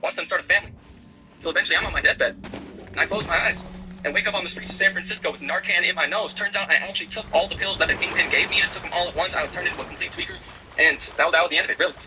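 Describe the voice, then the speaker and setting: A man rattling off an absurd comic story in a rambling, deadpan way. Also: high-pitched, rapid-fire, over music, low-quality recording. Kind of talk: rapid comedic storytelling.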